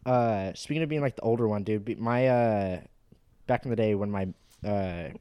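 A man's voice: on the low side, moderate pace, clear, resonant tone, no echo, lo-fi sound. A young man in casual chat who rambles with lots of fillers and laughs between lines.

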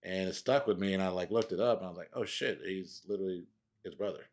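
Low-pitched male podcast host, loose rambling delivery. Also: fast talker, darkish tone. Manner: rambling, laughs often, trails off. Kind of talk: casual chat.

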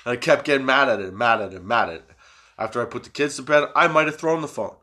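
A man hosting his own podcast, rambling in a casual, profane, self-mocking way after staying up all night high. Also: lively intonation, fast talker, bright, forceful tone. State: sleepless and high. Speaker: podcast host.

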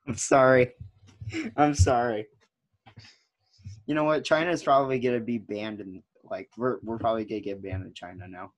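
A man's voice: medium pitch, fairly even intonation, normal speed, long pauses. A young man co-hosting a podcast in casual chat, giggly and rambling with lots of fillers. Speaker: podcast co-host.

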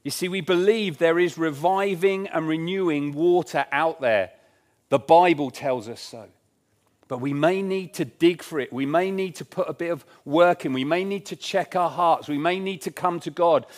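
A man's voice: fairly high pitch, normal speed. A man preaching a sermon in church, earnest and emphatic, repeating his key lines. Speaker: pastor.

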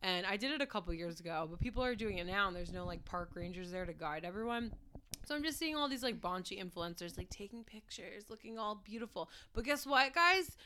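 A woman co-hosting a casual chat, telling animated stories and swearing freely. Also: mid-range voice, fast talker, slight background noise. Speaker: podcast co-host.

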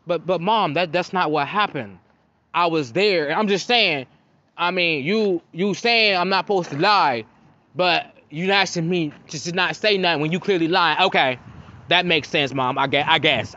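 A man in his thirties from Cincinnati, telling profane, animated stories on his podcast and acting out quotes. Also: a little high, moderate pace, lo-fi sound. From Cincinnati, Ohio. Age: 30s. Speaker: podcast host. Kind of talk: casual storytelling monologue.

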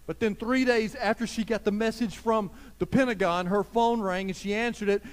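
A man preaching a sermon as pastor, talking straight to his listeners, swinging from loud emphasis to soft, hushed lines. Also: high-pitched, fairly even intonation, a little fast, hardly any pauses. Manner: conversational, addresses listeners directly.

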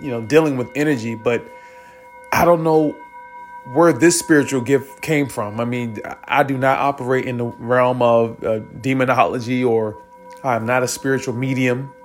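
A man's voice: mid-range voice, fairly even intonation, normal speed, faint music behind. A young man earnestly recounting a spiritual experience in a rambling way, with many restarts and moments where he gets tearful. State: tearful at times. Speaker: vlogger. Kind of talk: personal spiritual storytelling.

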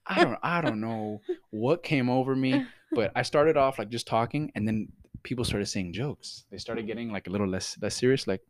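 A man co-hosting a casual podcast, telling stories in an animated, profane way and laughing at himself. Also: mid-range voice, normal speed, no echo, studio quality. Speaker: podcast co-host. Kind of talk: casual storytelling chat.

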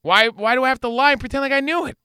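A man hosting a talk show, arguing his point in casual banter, animated and profane. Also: extremely high pitch, very fast, smooth, no echo, studio quality. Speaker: radio show host.

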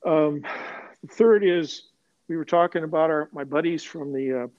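A retired police sergeant, an older man with a slightly high, darkish voice at a moderate pace, tells stories bluntly and with profanity in an animated interview. The recording is muffled.

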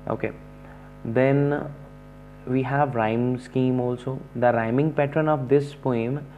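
A man teaching a poetry lesson, explaining slowly with many pauses and fillers. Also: mid-range voice, steady tone, narrow, tinny audio, slight background noise.

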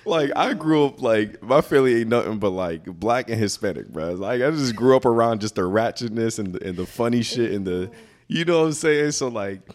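A man's voice: mid-range voice, animated, fairly quick. Young man from Brooklyn telling loose stories. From Brooklyn, New York. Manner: loose, profane, storytelling. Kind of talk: casual podcast chat.

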